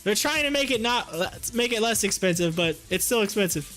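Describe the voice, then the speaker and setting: A man hosting a casual live stream. He reads out viewer comments, talks in an animated way and laughs often. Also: sits high, brisk, faint music behind. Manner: animated, laughs often, drawls on his words. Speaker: livestream host. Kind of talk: casual livestream chat reading viewer comments.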